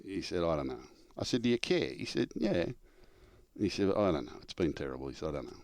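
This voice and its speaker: A man's voice: deep voice, quick pace, gravelly, no echo. An older man, a former coach telling stories in casual chat, acting out the dialogue and laughing through the punchlines. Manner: animated storyteller, acts out quoted dialogue, laughs through punchlines. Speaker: former coach and show regular.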